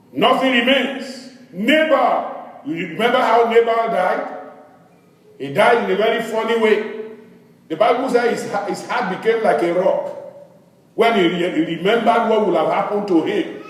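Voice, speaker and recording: A male pastor preaching a sermon, asking the congregation questions as he reads scripture. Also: high-pitched. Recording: echoey hall, distant mic.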